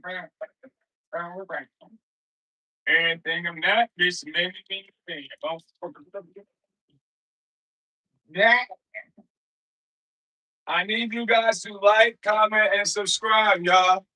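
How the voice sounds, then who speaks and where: High, bright-voiced man rambling on a livestream. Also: fairly even intonation, slow pace, long pauses, poor audio. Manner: rambling, talks straight to viewers in chat; loose, slangy everyday speech. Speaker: livestream host. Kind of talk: casual livestream chat.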